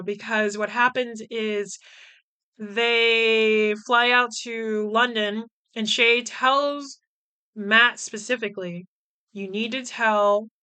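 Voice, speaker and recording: A woman hosting a casual podcast, chatting in an animated way with frequent laughs and fillers. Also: fairly high pitch, smooth. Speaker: podcast host. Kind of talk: casual podcast chat recapping a film.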